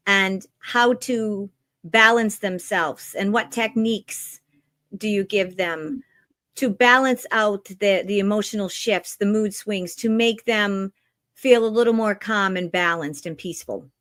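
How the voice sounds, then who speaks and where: A woman's voice: medium pitch, fairly bright tone, dry recording. Woman, talk show host, earnest, warning tone, dry recording. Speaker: host, spiritual reader.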